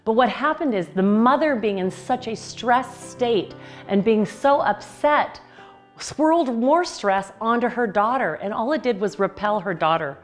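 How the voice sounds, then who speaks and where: A woman life coach giving a motivational talk, telling a client's story earnestly with emphatic pauses. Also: a little high, animated, soft background music.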